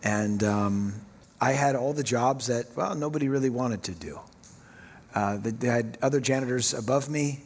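A middle-aged man preaching a sermon, telling self-mocking stories in an animated way. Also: medium pitch. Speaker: pastor. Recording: long hall reverb.

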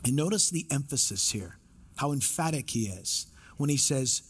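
A man's voice: medium pitch, lively intonation, moderate pace, slightly rough. A male pastor preaching a sermon, emphatic, with repeated phrases and rhetorical questions.

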